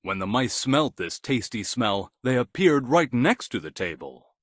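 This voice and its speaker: A man narrating a scripted children's bedtime story in an animated, gentle storytelling manner. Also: medium pitch, a little slow, dry recording, clean studio sound.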